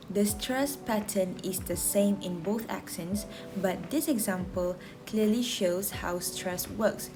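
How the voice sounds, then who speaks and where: A woman student from Malaysia reading a class presentation aloud in a slow, careful, deliberate way. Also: on the low side.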